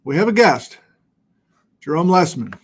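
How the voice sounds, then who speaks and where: A man's voice: on the high side, sing-song, unhurried, a little hiss or hum. A middle-aged man hosting a casual livestream, chatting in a self-deprecating way and reading out where viewers are watching from. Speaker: livestream host. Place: home studio with document camera.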